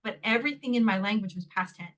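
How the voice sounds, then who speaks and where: A Canadian woman, a guest in an interview, telling a personal story in an animated way, laughing often and acting out the voices of the people she quotes. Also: mid-range voice, quick pace, low-quality recording. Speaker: guest, healing technique teacher.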